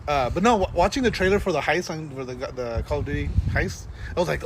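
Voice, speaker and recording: A man's voice: fairly high pitch, quick pace, noisy background. A man co-hosting a gaming podcast in casual chat, rambling with restarts and swearing freely. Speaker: podcast co-host.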